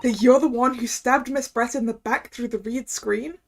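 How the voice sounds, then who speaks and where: A woman's voice: on the high side, steady tone, normal speed, slight background noise, natural voice. A woman voicing an earnest young male defense attorney who questions a witness. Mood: probing.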